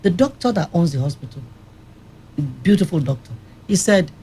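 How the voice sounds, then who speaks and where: A woman's voice: on the low side, big pitch swings, normal speed, warm tone, slightly rough. A woman who runs a rehab center, telling firm, vivid stories on a radio studio panel. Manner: firm, vivid anecdotal storyteller. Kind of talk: studio panel discussion, storytelling.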